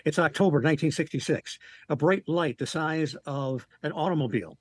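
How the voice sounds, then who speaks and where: Husky man giving a casual paranormal report. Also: a little high, brisk. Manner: relaxed storytelling with fillers. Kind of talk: casual radio talk and report.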